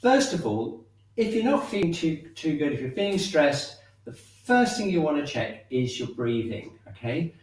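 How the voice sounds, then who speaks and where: A man teaching a shiatsu and qigong class, giving calm, encouraging step-by-step instructions. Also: a little high, moderate pace, far from the mic. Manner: calm, encouraging instructions, often checking in with "okay". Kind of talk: guiding an online movement class. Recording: very echoey room, voice off-mic.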